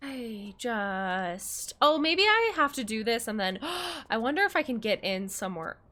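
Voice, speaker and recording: Young female streamer, high and bright voice, bubbly chatter with her viewers. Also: very animated, unhurried. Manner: chatty and bubbly, swears freely, greets and thanks viewers. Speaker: game streamer. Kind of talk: casual livestream chat while playing.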